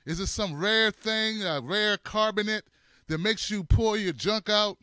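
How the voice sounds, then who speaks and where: A man hosting a comedic political commentary show, animated, repeating his phrases and laughing often. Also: high-pitched, measured pace, smooth, no echo, studio quality. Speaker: host.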